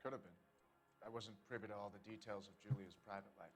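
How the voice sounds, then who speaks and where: A low-pitched, evasive male businessman under questioning, as a man plays him, polite and guarded in every answer. Faint music runs beneath him in this game scene. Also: steady tone, fast talker, lightly acted. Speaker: interview suspect.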